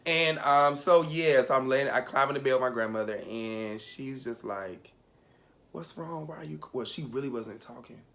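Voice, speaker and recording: A man's voice: medium pitch, steady tone, normal speed, few pauses, a bit bright. A young man telling a personal story in casual chat, candid and rambling, fighting back tears at moments.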